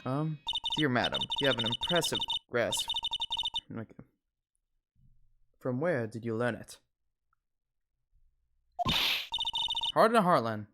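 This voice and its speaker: A man's voice: medium pitch, expressive, normal speed, pauses often, heavy background noise, natural voice. A man voicing a stern, haughty middle-aged woman who speaks in a formal, condescending way, over game music.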